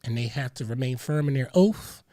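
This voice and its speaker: A man's voice: mid-range voice, fairly quick, mellow. An older man hosting a radio talk show, speaking emphatically and insistently, often talking over the others. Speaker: host.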